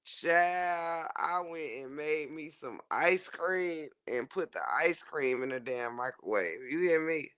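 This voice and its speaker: A man telling a funny story to his chat in a casual, animated way, swearing freely and laughing often. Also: fairly high pitch, takes it slowly, hardly any pauses, smooth. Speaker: livestream host reading chat.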